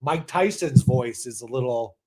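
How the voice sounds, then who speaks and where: Male podcast co-host, medium voice, quick to laugh, dark blunt humor. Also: mid-range voice, animated, a little hiss or hum. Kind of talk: casual comedic banter.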